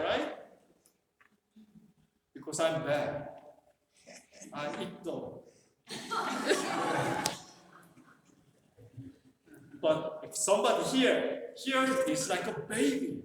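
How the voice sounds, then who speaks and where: A man presenting a workshop to a live group, talking in a conversational, joking way with many "you know" fillers. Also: high-pitched. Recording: echoey hall from far off, faint noise.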